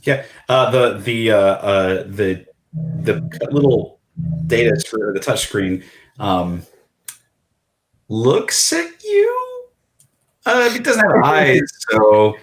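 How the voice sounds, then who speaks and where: A man narrating as game master of a tabletop game, halting with frequent restarts. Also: lowish voice, wildly swooping pitch, echoey room.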